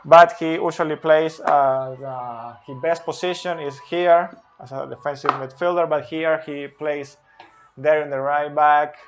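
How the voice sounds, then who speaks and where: A man's voice: fairly high pitch, fairly even intonation, a little slow, music in the background. Hesitant man breaking down football tactics. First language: Spanish. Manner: hesitant, searching for words, many fillers. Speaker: football analyst. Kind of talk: tactical analysis commentary.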